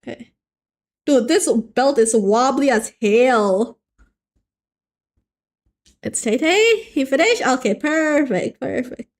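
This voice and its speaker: A woman's voice: high voice, slow, pauses often. A young woman chatting playfully with her live-stream viewers while she draws, joking around and often restarting her sentences. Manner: playful and animated, joking with chat, frequent restarts. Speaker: art streamer. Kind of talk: casual live-stream chat while drawing.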